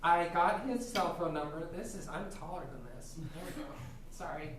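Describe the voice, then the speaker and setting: A woman's voice: fairly low pitch, normal speed, a little hiss or hum. A woman of forty doing a stand-up comedy set, ranting wryly and laughing often. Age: 40s. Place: theatre stage with live audience. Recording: roomy live theatre, loud crowd laughter.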